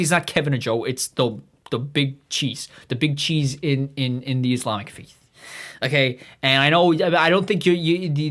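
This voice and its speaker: A man's voice: on the high side, fairly bright tone. A man hosting a comedy podcast, rambling through a profane monologue with many restarts. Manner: acts out quoted voices in his own voice. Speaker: podcast host.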